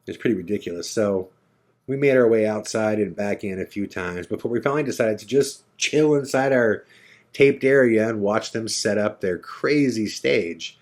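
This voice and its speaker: A man's voice: fairly low pitch, normal speed. Man telling a story, acting out dialogue. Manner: animated, acts out dialogue. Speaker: podcast host. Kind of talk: casual storytelling.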